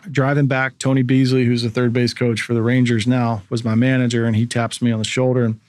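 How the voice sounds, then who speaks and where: A man around forty, a former baseball pitcher, telling a story as a podcast guest and acting out the voices of people in it. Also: brisk, no echo. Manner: animated storyteller, acts out quoted voices. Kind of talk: casual storytelling interview.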